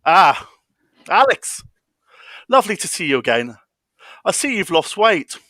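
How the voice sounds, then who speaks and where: A man's voice: high-pitched, big pitch swings, unhurried, sharp tone, dry recording, voice pushed up, heavily acted. A man impersonating a smirking female politician, mock-polite and menacing in a comedy roast. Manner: smarmy, mock-polite turning threatening.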